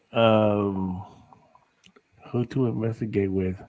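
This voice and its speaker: Speaking in a fairly low, darkish voice, this middle-aged Texas man chats loosely as a podcast guest who investigates the paranormal. He wanders from point to point, laughing a lot and leaning on "you know." The recording is low quality.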